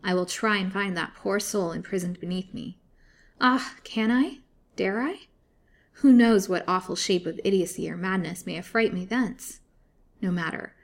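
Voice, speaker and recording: A woman's voice: medium pitch, normal speed, vocal fry, close to an everyday voice. A woman reading a storybook, voicing a frightened but brave young woman held prisoner, speaking earnestly. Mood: resolute. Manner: earnest, exclamatory.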